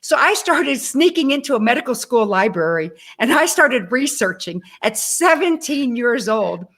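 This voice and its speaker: A woman in her sixties tells her own life story as a guest on an interview show. Her voice sits a little high, and she keeps acting out the dialogue. She turns to speak straight to her listeners. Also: normal speed. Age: 60s. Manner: animated, acts out dialogue in her stories; addresses the audience directly. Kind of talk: personal storytelling.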